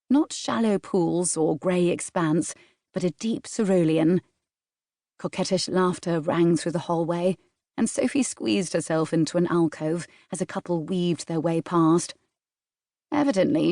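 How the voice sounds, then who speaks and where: A woman narrating a romance novel in a smooth, measured storytelling voice, recorded close in a studio. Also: fairly low pitch, mellow, no room sound. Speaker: audiobook narrator. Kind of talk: scripted narration. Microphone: studio microphone, close.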